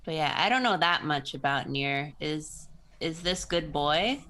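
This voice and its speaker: A woman with a slightly low voice who speaks at an unhurried pace. She chats casually while drawing, answers briefly and laughs a lot. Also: slight background noise. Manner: relaxed, laughs often, short replies. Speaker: co-host.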